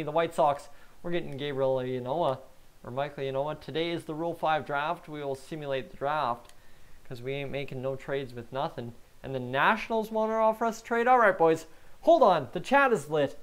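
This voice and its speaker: Casual man from canada narrating his game live on stream, reads the chat out and jokes with viewers, easygoing with loud excited bursts. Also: a little high, moderate pace, clear, resonant tone. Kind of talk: live-streamed gameplay commentary.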